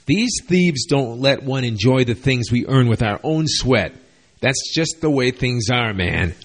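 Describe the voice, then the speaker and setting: A man's voice: mid-range voice, expressive, measured pace. A man reading out the lines of an indignant male street thief who complains that his stolen goods were stolen. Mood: aggrieved. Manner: aggrieved, self-righteous.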